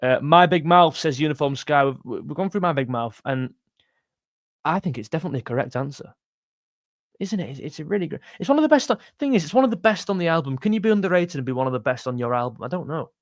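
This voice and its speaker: A young man's fairly high, animated voice comes through quickly as he hosts a casual livestream. He reads the live chat for his music channel with jokes, calling people mate. The sound is clean studio audio with no room tone.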